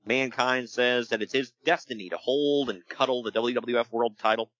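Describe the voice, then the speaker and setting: Male podcast host, animated storyteller with a bright, dry close sound. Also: mid-range voice, normal speed, dry recording, muffled recording. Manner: animated storyteller, laughs often, breaks into voices. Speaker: podcast host recapping wrestling. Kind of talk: casual chat.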